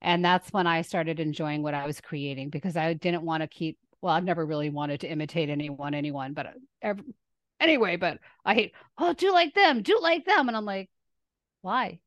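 A woman from the Northeast, a teacher chatting as an interview guest, lively and quick with frequent laughs. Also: sits low, dry recording. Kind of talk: casual interview chat.

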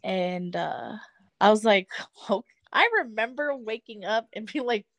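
A woman in her thirties tells a personal story as a guest. She talks in a loose, chatty way, full of fillers and quick laughs. Her voice is close and dry, with no room sound. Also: medium pitch, lively intonation, dry recording. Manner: chatty, many fillers, laughs between thoughts. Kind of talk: casual storytelling.

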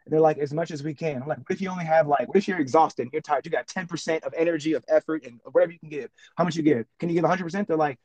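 Very fast and barely pausing, a man with a slightly high voice chats casually on a podcast; the audio is poor with no room sound. A teacher, he animatedly tells stories and acts out classroom exchanges.

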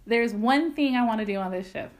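A woman in casual conversation, telling a travel story with animated quoted voices. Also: fairly high pitch, a little fast, a little hiss or hum.

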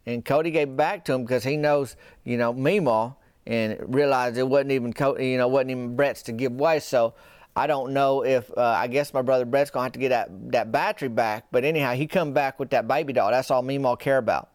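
A man's voice: medium pitch, fairly even intonation, fairly quick, clean tone, no echo, clean studio sound. A man telling a rambling comic story in folksy dialect. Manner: rambling folksy yarn-spinning with dialect grammar.

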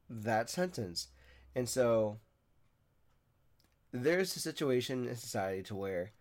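A man's voice: mid-range voice, a little mellow. A young man hosting a podcast, talking earnestly in a casual monologue, often restarting his sentences. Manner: earnest, rambling, with frequent restarts. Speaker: podcast host.

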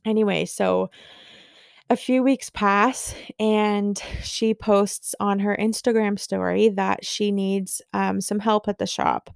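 A young woman hosting a podcast, telling a story in a gushing, excitable way with lots of fillers. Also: mid-range voice, slow pace, creaky, clean tone, dry recording, clean studio sound. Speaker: podcast host. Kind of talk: casual storytelling monologue.

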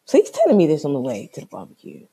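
Animated husky woman telling a story. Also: deep voice, fast. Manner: animated, exasperated, swears freely. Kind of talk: casual comic storytelling.

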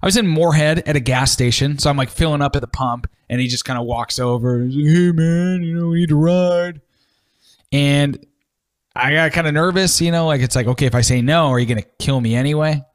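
A man's voice: medium pitch, quick pace. A man co-hosting a casual podcast, laid-back and teasing as he tells a story. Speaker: podcast co-host. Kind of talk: casual chat.

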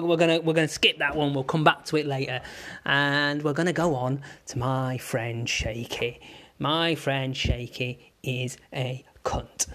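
A man's voice: on the high side, fairly bright tone. A man, ranting at home in a sweary, exasperated comic vlog. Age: 30s. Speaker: vlogger. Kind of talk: comic rant.

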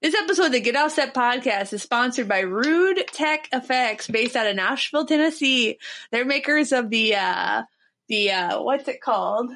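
A woman's voice: a little high, expressive, normal speed, a bit bright. A woman voicing a chirpy ad reader with an exaggerated Minnesota accent, in a rambling sing-song way.

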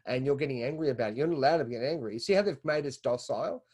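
An Australian-accented podcast guest talks animatedly and at a racing pace in a mid-range, slightly dark voice. In this casual conversation he often repeats words as he builds his point.

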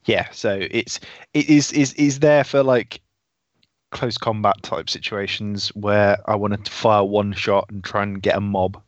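Male tabletop player, low voice, muffled dry recording, mulls rules aloud. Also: steady tone, a little slow, no room sound. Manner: thinks aloud about rules. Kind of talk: casual game chat.

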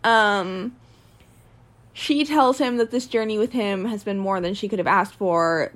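A woman co-hosting a casual recap podcast, retelling scenes and acting out the quotes in a hushed voice. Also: on the low side. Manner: animated retelling, acts out quotes, drops to a hush. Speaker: podcast co-host.

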